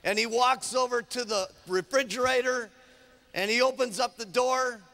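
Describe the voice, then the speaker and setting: Energetic man speaking at a rally, high gravelly voice, long hall reverb. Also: normal speed. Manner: energetic, punchy, keeps asking "okay?". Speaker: motivational speaker. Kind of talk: motivational seminar talk.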